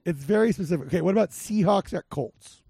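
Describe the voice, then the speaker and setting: A man's voice: high-pitched, fast talker, creaky, dark tone, slightly rough, no room sound, clean studio sound. A man hosting a podcast, rambling casually through game picks with lots of restarts and filler. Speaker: podcast host. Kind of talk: casual sports betting chat.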